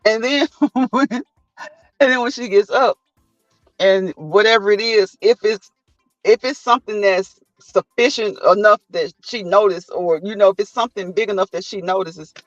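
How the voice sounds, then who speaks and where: A man's voice: high-pitched, normal speed, no room sound, dull audio, soft background music. A man hosting a casual live chat who tells stories animatedly, acts out what people said, and laughs often. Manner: animated storytelling, acting out quotes. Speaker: host.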